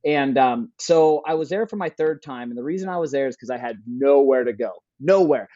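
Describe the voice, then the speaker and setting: A young adult man speaks as a podcast guest, telling his story casually with plenty of fillers. His voice is dark and mellow. The recording is dry and a little dull. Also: medium pitch, a little fast, dry recording. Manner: casual, plain-spoken, many fillers. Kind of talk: candid personal storytelling.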